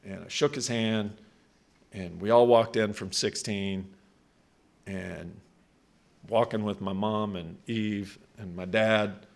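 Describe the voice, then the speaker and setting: A man in his sixties with a fairly low voice gives a relaxed, conversational acceptance speech. He tells personal stories, restarting phrases and trailing off as he goes. He is speaking at a country club event. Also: slow pace, vocal fry, long pauses. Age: 60s. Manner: conversational, with frequent restarts and fillers. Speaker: hall of fame inductee.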